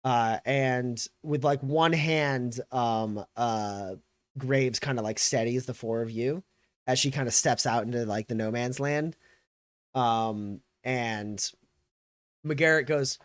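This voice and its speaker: Male game master, narrating, halting, filler-heavy, mid pitch. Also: dry recording. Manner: loose, halting, with many fillers.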